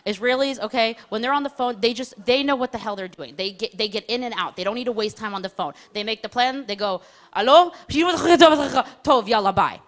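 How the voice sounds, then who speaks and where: A young woman telling a stand-up comedy story in a chatty, self-mocking way, slipping into quick voices for other people. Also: fairly high pitch, fairly bright tone.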